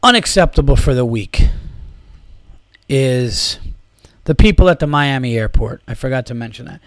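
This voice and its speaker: A comedian hosting his own podcast, venting in a rambling, profanity-filled monologue full of fillers. His voice sits at an ordinary pitch for a man. The sound is close and dry. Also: lively intonation, moderate pace, fairly bright tone, no room sound. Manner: rambling, heavy swearing, fillers. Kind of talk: profane solo podcast rant.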